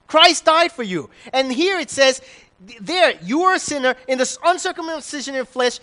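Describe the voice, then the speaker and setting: A man's voice: extremely high pitch, a bit bright. A man preaching a conversational sermon, putting questions to the congregation and restarting his sentences often. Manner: conversational, asks the audience questions, frequent restarts.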